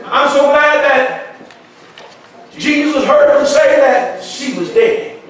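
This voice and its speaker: High-voiced preacher shouting in an echoey hall. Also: male voice, slow. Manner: preaching in rising shouted cadences, half-sung. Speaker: pastor. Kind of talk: sermon. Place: large church sanctuary. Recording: echoey church hall from far off. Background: congregation responding.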